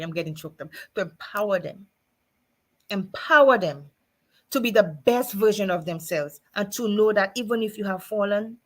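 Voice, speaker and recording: A woman's voice: medium pitch, fairly bright tone. Earnest, emotional woman hosting a live show. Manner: earnest, emotional, with many restarts and fillers. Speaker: host of a nightly live show. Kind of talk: heartfelt personal talk to a live audience.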